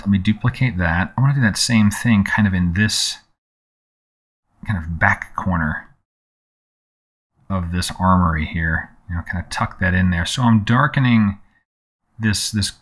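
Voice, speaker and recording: Low-voiced man hosting a relaxed tutorial. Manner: relaxed, conversational, many fillers like "you know" and "um". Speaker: photography tutorial host. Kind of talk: casual screen-recorded software tutorial.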